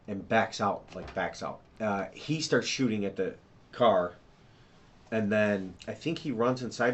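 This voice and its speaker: A man giving a rambling, fast account to police as a witness, restarting sentences and sketching a map while he talks. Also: medium pitch. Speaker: witness being interviewed by police. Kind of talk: police interview statement.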